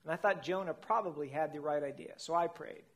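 A man tells a comic first-person story, speaking as a whale, in a playful voice that sits fairly high for a man. He often breaks into laughter at his own lines. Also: brisk, fairly bright tone.

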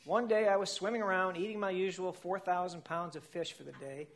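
A man's voice: high-pitched, fairly even intonation, a little fast, a bit bright. A man telling a comic story in the first person as a whale, playful and laughing at his own lines.

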